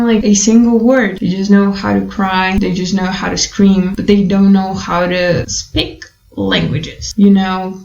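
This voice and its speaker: A woman's voice: mid-range voice, a little mellow. A woman vlogging casually to a phone camera, rambling with lots of "like" and "you know.". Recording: echoey, distant, dull phone audio.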